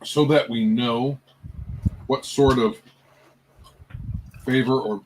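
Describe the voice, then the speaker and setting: A man's voice: mid-range voice, steady tone, slow pace, low-quality recording. A man playing in a tabletop game, speaking casually and asking questions. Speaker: player.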